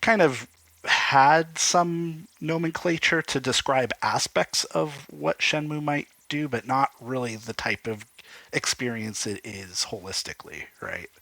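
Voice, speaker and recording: A man's voice: medium pitch, measured pace, bright, forceful tone, dry recording, poor audio. A man hosting a podcast, asking long, thoughtful questions in a casual chat. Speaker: podcast host.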